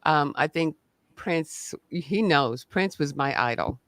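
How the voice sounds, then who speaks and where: A male host in a casual interview, chatty and effusive, quick to laugh along. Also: a little high, animated, fairly bright tone, no room sound, studio quality. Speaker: show host.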